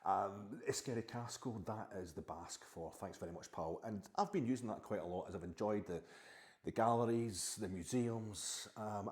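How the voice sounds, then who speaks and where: A man's voice: fairly low pitch, a little mellow. A middle-aged Scottish man hosting a podcast, rambling sheepishly in a comic monologue and answering back to his unseen wife. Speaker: podcast host.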